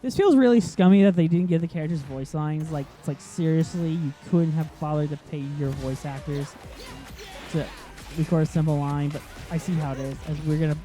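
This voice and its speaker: A man with a fairly high, mellow voice hosts a gaming channel. His let's-play commentary is loose and talkative, wandering off track, with frequent ums in the pauses.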